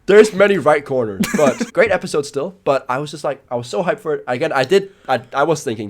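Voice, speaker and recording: An excitable young man banters on a podcast with a fairly high, very animated voice. His jokes run crude, and his delivery comes in hyped bursts. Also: fast, few pauses. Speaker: podcast co-host. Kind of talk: casual chat.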